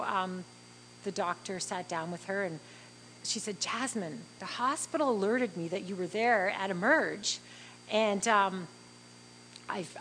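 A woman's voice: medium pitch, a bit bright, slight background noise, low-quality recording. Earnest woman telling a personal story. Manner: earnest and heartfelt, halting with fillers. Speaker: interviewee.

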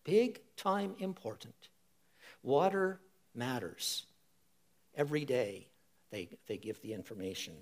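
Slow, animated male preacher. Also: medium pitch. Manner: emphatic, repeats key phrases for stress; addresses listeners directly as folks. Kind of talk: sermon.

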